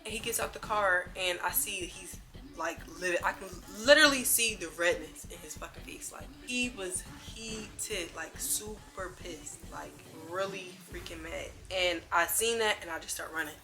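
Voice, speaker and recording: A young woman vlogger telling a storytime in an animated, slangy way, acting out the other people's lines as she goes. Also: on the low side, moderate pace, over music. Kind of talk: casual storytime.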